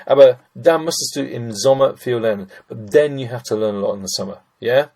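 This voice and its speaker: A man's voice: lowish voice, vocal fry, darkish tone. A middle-aged man teaching German grammar, chatty and thinking aloud as he works through sentences, addressing listeners as ladies and gents. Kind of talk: screen-recorded grammar lesson.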